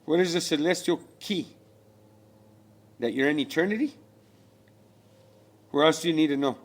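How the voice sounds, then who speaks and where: A man's voice: a little high, moderate pace. Man ranting with rhetorical questions. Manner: profane, rhetorical questions, preachy rant. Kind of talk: rambling spiritual monologue.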